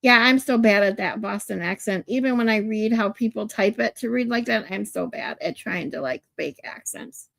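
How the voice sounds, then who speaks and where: A woman's voice: medium pitch, normal speed, creaky, hardly any pauses, fairly bright tone, no echo. A woman hosting a casual livestream, talking to her chat in a chatty way and laughing easily. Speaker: livestream host.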